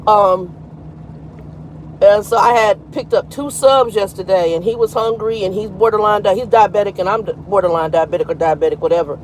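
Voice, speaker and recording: A woman's voice: medium pitch, steady tone, fairly quick, slight background noise, low-quality recording. A woman in her fifties, a truck driver chatting frankly on a casual live stream and greeting viewers by name. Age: 50s. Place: in a truck cab at a terminal.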